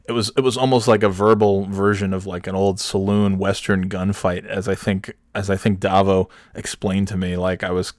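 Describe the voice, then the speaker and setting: Animated man telling a bar story. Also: sits low, normal speed, few pauses, dry recording, clean studio sound. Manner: animated, swears freely, acts out voices, laughs mid-story. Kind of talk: casual anecdote.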